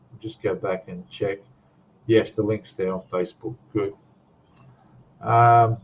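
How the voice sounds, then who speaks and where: A man's voice: fairly low pitch, darkish tone, muffled recording, slight background noise. An older Australian man hosting a casual live stream chat, rambling and chuckling as he reads out viewer comments. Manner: rambling, chatty, laughs often, reads out chat.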